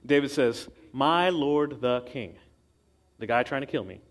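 A man preaching in a relaxed, conversational way, retelling a story and slipping into the voices of the people in it. His pitch sits in an ordinary middle range for a man. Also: unhurried. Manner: conversational storytelling with acted quotes. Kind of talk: sermon.

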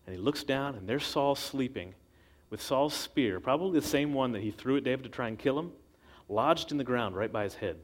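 A man preaching a sermon in a casual, storytelling way, acting out the quotes he tells. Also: medium pitch. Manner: conversational storytelling with acted quotes.

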